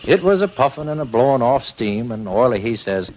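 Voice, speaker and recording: A man's voice: medium pitch, a little fast. A man telling a children's story on old-time radio with a folksy rural drawl. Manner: folksy rural drawl with lively ups and downs. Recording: crackly old radio transcription.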